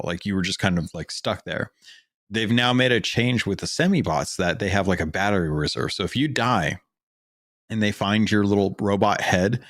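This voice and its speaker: Recorded dry in a clean studio, this fairly low-pitched male co-host rambles through casual video game talk on a podcast, restarting often and leaning on fillers.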